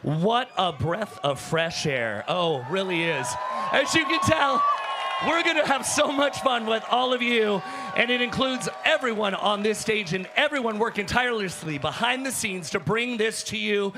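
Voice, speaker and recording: A high, gravelly male hype host works a convention floor. He shouts with excitement and chats with fans as he moves through the crowd. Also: moderate pace, background noise. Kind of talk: energetic live event hosting.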